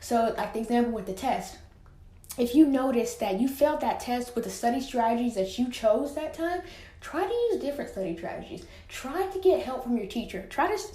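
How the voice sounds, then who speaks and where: A teen girl chats casually on her solo podcast, recorded indoors in a room at home, using plenty of filler words. She's a little out of breath, her voice slightly high and dark, the room echoey.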